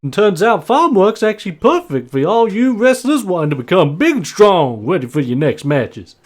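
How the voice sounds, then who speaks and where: A man voicing Bob, a folksy older farmer who talks in a loud, hearty, high-pitched voice. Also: big pitch swings, normal speed. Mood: jovial.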